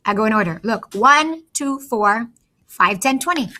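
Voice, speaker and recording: A woman's voice: on the high side, animated, a little slow, pushed and bright. A woman teacher patiently walking young students through a math lesson step by step.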